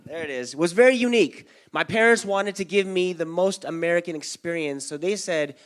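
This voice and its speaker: A young man does stand-up for a live audience at a community event, working the crowd energetically and acting out his parents and friends. His voice is high and brisk, with hardly any pauses.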